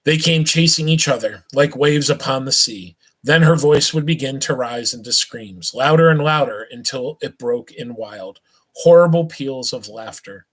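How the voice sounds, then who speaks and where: A man reading a novel aloud on a live stream, at an unhurried pace, stumbling and restarting now and then and stopping for small asides to his listeners. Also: medium pitch, a bit bright, low-quality recording. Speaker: reader.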